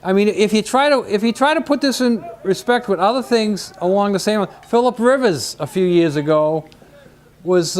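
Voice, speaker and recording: A man commentating a local high school lacrosse game, telling stories and chatting in the booth. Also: darkish tone, clean tone. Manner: chatty, storytelling, repeats words when starting. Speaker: sports commentator. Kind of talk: casual booth chat between plays.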